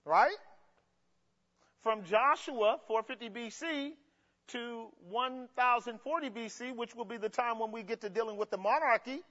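A man's voice: extremely high pitch, measured pace, pushed and bright. A man teaching a Bible study as pastor, asking the listeners to finish his sentences and driving his points home with emphasis. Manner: call-and-response questions, emphatic. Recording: dull sound with long hall reverb.

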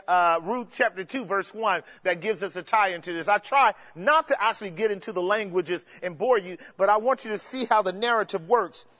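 Male preacher, very high voice, lively sermon, playful delivery, dull lo-fi recording. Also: in a large hall. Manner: lively, playful, acts out the characters in vernacular. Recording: dull lo-fi sound.

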